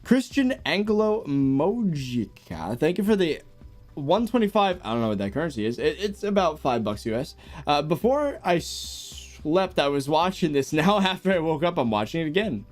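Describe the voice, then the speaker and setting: A man's voice: a little high, normal speed, faint music behind. A young American man chatting casually on a live stream, answering viewer messages with frequent chuckles. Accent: General American. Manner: laid-back, chuckles often, lively up-and-down delivery.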